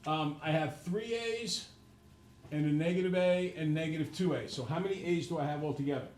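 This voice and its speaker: A man's voice: on the high side, brisk, darkish tone, slight background noise. A man who teaches math, lecturing his class and then working through problems with his students.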